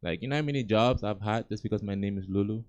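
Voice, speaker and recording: A man's voice: fairly low pitch, fast talker, darkish tone, highs cut off. A young man from Gambia doing a laid-back, conversational stand-up set on a comedy club stage, chuckling at his own jokes into a handheld mic.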